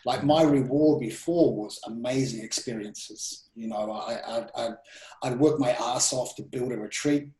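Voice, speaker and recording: A man in his thirties telling personal stories in an interview, animated and full of restarts and quoted self-talk. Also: medium pitch, measured pace. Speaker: guest speaker. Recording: roomy echo.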